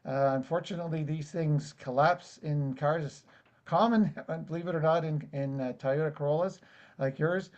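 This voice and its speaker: Brief: man, small auto repair owner, relaxed networking pitch, muffled lo-fi audio. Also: moderate pace. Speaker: car repair and dash camera business owner. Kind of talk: casual business networking pitch. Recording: dull lo-fi online meeting audio.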